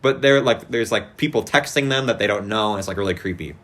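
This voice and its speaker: A teenage boy hosting a casual podcast, excitable and swearing, full of fillers. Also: fairly low pitch, fast. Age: teens. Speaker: podcast host. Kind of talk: casual chat.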